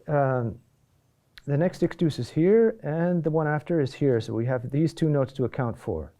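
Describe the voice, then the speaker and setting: A man teaching a lesson on chant rhythm, pausing often with fillers and restarts and checking in with a quick "huh?". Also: a little high, warm tone. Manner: halting, many fillers and restarts, asks "huh?".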